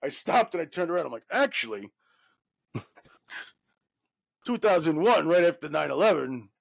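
A man in his thirties from New York, a guest actor telling a profane, animated story full of fillers. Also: fairly high pitch, moderate pace, vocal fry. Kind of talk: casual anecdote telling.

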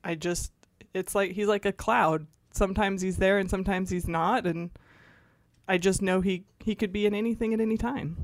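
A woman's voice: mid-range voice, steady tone, moderate pace, dry recording. Female podcast guest, candid and easygoing, dry close-miked sound. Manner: candid, laughing easily. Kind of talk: casual chat.

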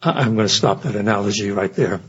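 A man's voice: fairly low pitch, quick pace, muffled recording. An older man giving an earnest, reflective personal talk at a recovery meeting. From United States. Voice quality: very husky.

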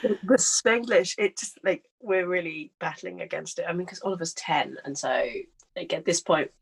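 A woman's voice: lowish voice, normal speed, gravelly, breathy edge. A woman co-hosting a podcast, telling stories in casual chat, acting out the dialogue and laughing often. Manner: animated storytelling, acts out dialogue, laughs often. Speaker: podcast co-host.

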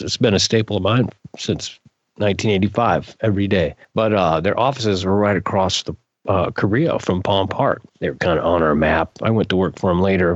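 An older man, a guest in an interview, telling a story in a casual, animated way, his voice jumping up when he gets excited. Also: deep voice, no echo. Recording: dull lo-fi recording.

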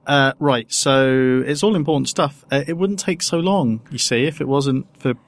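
A man's voice: medium pitch, normal speed. A man co-hosting a casual podcast, talking in a hesitant, rambling way full of restarts. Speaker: podcast co-host. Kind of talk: casual chat.

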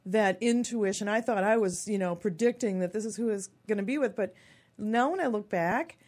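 A woman in her fifties, a radio show guest, telling her own story in a chatty, expressive way and acting out quoted lines. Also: medium pitch, a little fast. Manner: chatty and expressive, acts out quotes in lively voices.

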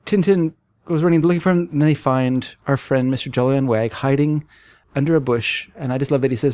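A man's voice: medium pitch, a little fast, mellow, dry recording. A man co-hosting a podcast, chatting casually and tossing in wry jokey asides. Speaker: podcast co-host. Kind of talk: casual chat.

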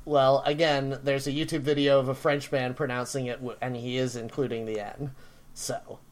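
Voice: mid-range voice, level tone, normal speed. A podcast co-host in casual chat, dry and pedantic while arguing.

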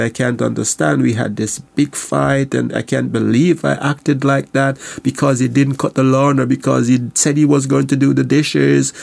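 Male counselor, talk radio guest, gravelly, halting explanations. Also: medium pitch, darkish tone. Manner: halting, repeats words while explaining. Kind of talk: radio talk show discussion.

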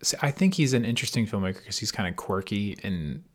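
A man's voice: on the low side, animated, fast talker. Laid-back swearing podcast guy. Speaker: podcast co-host. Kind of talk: casual podcast chat.

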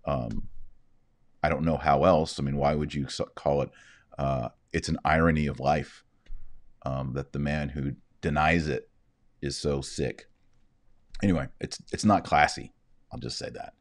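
Casting: Texan man, very deep voice, mouth numb from dental work, relaxed slurred drawl. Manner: slightly slurred, slow drawl. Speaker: Catholic commentary host. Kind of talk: casual commentary.

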